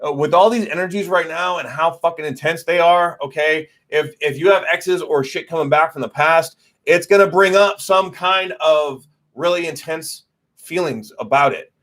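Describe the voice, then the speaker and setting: Speaking at a normal speed, a man with a higher, somewhat bright voice runs a casual astrology livestream. He curses freely, leans on fillers, and replies to comments from viewers while he talks.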